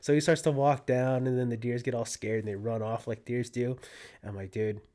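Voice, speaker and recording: A young man from California, a guest on a podcast, telling a story in a casual, animated way and acting out his own quotes. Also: mid-range voice, normal speed. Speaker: podcast guest, disc golfer.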